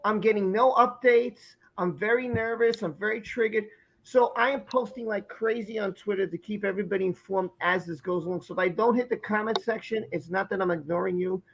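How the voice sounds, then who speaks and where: A man's voice: sits high, fairly quick, creaky, fairly bright tone, dull audio, slight background noise. This is a man with a Brooklyn accent hosting a live stream. He talks emphatically and gushes, and he circles back over the same points again and again. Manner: emphatic, effusive, repeats himself. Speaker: host.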